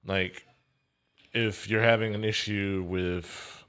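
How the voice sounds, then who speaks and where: A man speaking as a podcast guest in casual chat, measured and thoughtful with some hesitations. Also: fairly low pitch, steady tone, a bit bright, smooth.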